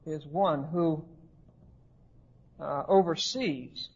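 A man's voice: on the high side, extremely slow, a little mellow, husky, muffled recording. A man teaching a class on the Bible, often checking in with his listeners and restarting his phrases. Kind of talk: classroom lecture on scripture.

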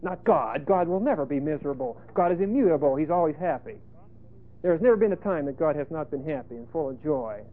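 A male preacher giving a folksy sermon, emphatic, with sudden loud bursts and asides. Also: fairly high pitch, lively intonation, quick pace. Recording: tinny phone-like lo-fi sermon tape.

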